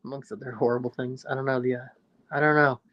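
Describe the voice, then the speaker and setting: A livestream host from Newfoundland, Canada, with the accent to match, reads out viewer comments and rambles jokily, laughing often. His mid-range voice moves little in pitch, he talks fast, and the recording's highs are cut off.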